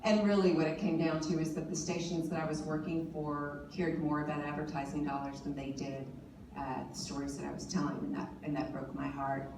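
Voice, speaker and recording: A woman in her forties, a panel speaker at a forum in a large conference hall, gives an earnest personal speech full of fillers and restarts. Her voice is low, flat and slightly fast, picked up by a distant mic in the echoey, noisy hall.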